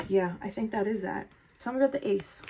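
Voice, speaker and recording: A woman talks through a tarot reading in a relaxed, chatty way. She is earnest and effusive, with a spiritual warmth to how she frames things for her audience. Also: medium pitch, a little fast, noisy background. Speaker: tarot reader. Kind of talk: casual spoken tarot reading.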